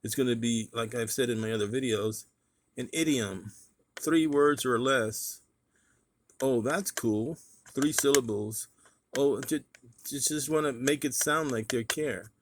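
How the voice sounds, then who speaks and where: Emphatic ranting man, mid-pitched. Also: a little slow, background noise. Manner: emphatic, ranting, repeats points. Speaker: vlogger. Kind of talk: casual monologue.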